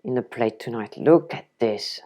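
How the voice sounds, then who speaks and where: A woman's voice: extremely low pitch, moderate pace, dark tone. A woman with a French accent, hosting a casual cooking demonstration in her home kitchen and chatting enthusiastically to the viewer as she chops vegetables. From France. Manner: chatty and enthusiastic, talks to the viewer while chopping. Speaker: cooking video host.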